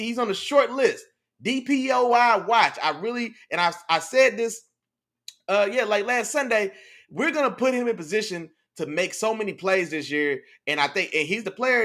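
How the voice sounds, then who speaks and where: A man hosting a casual sports talk show, animated and slangy, reacting to his live chat and breaking down plays. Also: sits high. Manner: animated, slangy, repeats "you know what I'm saying". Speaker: podcast host.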